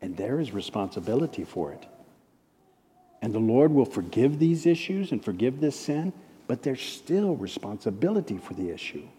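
A man preaching a storytelling sermon, slowing for emphatic repeated refrains and then dropping quick and hushed to tell a story. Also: mid-range voice, very animated. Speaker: preacher and ministry director. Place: conference hall. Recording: long reverb of a large hall.

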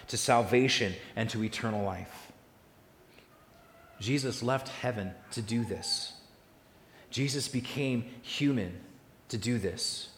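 A man preaching a sermon as pastor, building loud through lists and falling soft and slow on key lines. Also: medium pitch. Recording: echoey hall with long reverb.

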